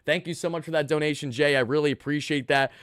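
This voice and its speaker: Excited male stream host, slightly high, tense voice, dry mic. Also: smooth, no room sound. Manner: hyped, rapid thank-yous to donors. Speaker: sports channel host. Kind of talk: live postgame stream.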